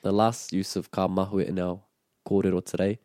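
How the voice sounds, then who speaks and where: A man's voice: low voice, little pitch movement, brisk, dark tone, no room sound, clean studio sound. A man teaching a language lesson, patiently explaining phrases and modelling pronunciation. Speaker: te reo Māori teacher.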